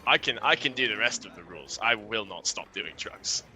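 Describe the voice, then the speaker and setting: Lively bright-voiced joking man. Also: lowish voice, moderate pace, slight background noise. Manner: animated, joking. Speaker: player. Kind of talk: in-character tabletop chat.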